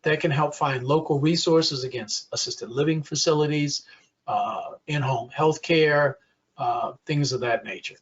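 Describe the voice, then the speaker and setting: A man's voice: a little high, measured pace, breathy edge, dull audio. A man giving a conversational webinar presentation for caregivers, with frequent fillers.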